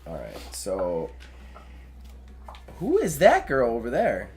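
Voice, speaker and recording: Male co-host for a gaming stream: jokey, reads game text with flair, animated pitch. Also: takes it slowly, a little hiss or hum. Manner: joking, laughs often, reads aloud dramatically. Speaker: let's play co-host. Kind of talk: casual gaming chat, reading game text aloud.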